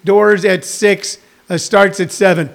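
A man in his sixties talks slowly in a high-pitched, creaky voice with fairly even intonation. A comedian on a live stream, he rambles casually through stories and news, joking and addressing viewers directly.

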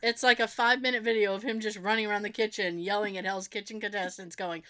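A woman's voice: mid-range voice, steady tone, fast talker, bright, forceful tone. A woman hosting a show, chatting casually and reading out insults, giggling often between lines. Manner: cheerful and chatty, with frequent restarts and swearing. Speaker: show host.

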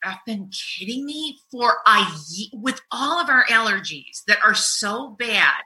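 A woman's voice: a little high, measured pace. A middle-aged woman co-hosting a podcast, telling exasperated stories in casual chat and swearing freely. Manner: animated, exasperated storytelling with swearing. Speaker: podcast co-host.

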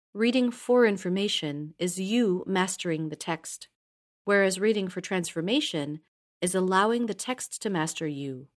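A woman narrating a scripted instructional lesson at a medium pitch. She reads in a measured, even way and slows down to stress key words. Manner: measured, even reading with slow emphasis. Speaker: course narrator.

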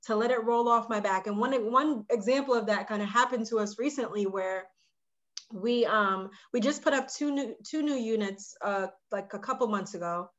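A woman who runs a short-term rental, telling a story in a casual podcast chat and getting animated when she quotes people. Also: fairly high pitch, moderate pace, muffled recording.

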